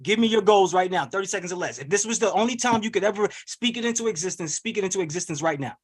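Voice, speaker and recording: A man with a high, bright-pitched voice rattles off motivational lines at a fast clip. He runs an online webinar like a pep rally, energetic and preachy, pushing his audience to answer back over a video call. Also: breathy edge. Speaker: wealth coach hosting a webinar. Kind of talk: hype motivational webinar coaching.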